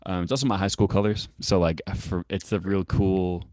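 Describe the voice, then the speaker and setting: This is a male podcast guest in casual chat, thinking aloud and circling back as he goes. His voice is very deep. The recording is dry, with no room sound. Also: fairly even intonation, normal speed, darkish tone, dry recording. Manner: meandering, thinks aloud with many restarts. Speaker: podcast guest, author and musician.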